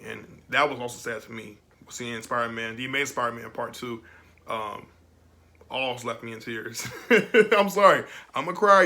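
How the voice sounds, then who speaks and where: Young male reviewer, bright tone, loose chatty delivery with frequent laughs. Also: mid-range voice. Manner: rambling and emotional, laughs often. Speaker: film reviewer. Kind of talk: casual video review.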